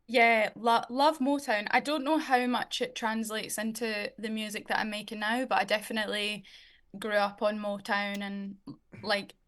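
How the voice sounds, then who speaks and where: Young Scottish woman, relaxed chat. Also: medium pitch, moderate pace. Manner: relaxed, chatty, uses fillers like "um" and "like". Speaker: guest singer. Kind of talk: casual interview chat.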